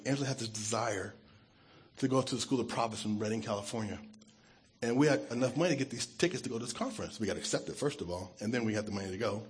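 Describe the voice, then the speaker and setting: A man who is a pastor, giving an earnest and emotional testimony sermon, his voice dropping soft when he is moved. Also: medium pitch, a little hiss or hum.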